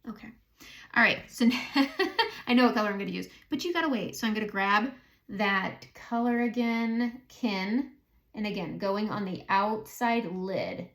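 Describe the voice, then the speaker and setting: A woman with a Southern American accent chats her way through a makeup tutorial, narrating each step and muttering to herself as she goes. Her voice sits at a middle pitch with a gravelly, creaky edge. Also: normal speed, a bit bright. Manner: chatty, thinking aloud, self-talk while applying makeup. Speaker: beauty vlogger. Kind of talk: casual makeup tutorial chat.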